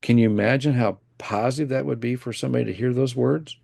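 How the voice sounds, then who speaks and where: A man with a rough, gravelly voice tells stories as a guest on a podcast, acting out the dialogue with lively energy. The sound is dry and close. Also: medium pitch, fast, no echo. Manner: animated storyteller who acts out quoted dialogue. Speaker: guest, financial planner and former coach. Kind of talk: casual storytelling in a podcast interview.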